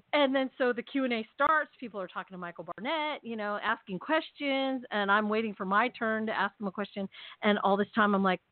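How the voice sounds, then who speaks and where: A woman tells a long personal story in a casual podcast chat, animated and chatty, acting out her own lines as she goes. Her voice sits a little high and comes through dry and tinny, like a phone line. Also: fairly quick, no room sound. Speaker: podcast co-host. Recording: tinny phone-like call audio.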